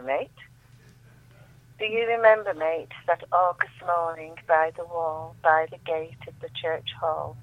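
A woman on the phone reading her poems aloud with measured, emphatic delivery. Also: deep voice, dry recording. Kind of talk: poetry reading over the phone. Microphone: telephone. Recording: tinny dry phone line.

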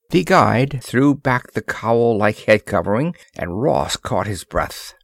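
A man narrating a pulp science fiction story in a measured, expressive way. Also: medium pitch, vocal fry, no room sound, studio quality. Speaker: audiobook narrator.

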